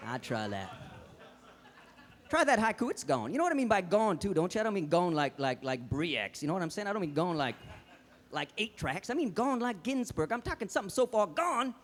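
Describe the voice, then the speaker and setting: The high, sing-song voice of a male comedian moves fairly quickly as he plays a hip beatnik poet in a fez. His live stand-up bit mixes jive hipster patter with theatrical verse, heard over stage reverb, music, and an audience.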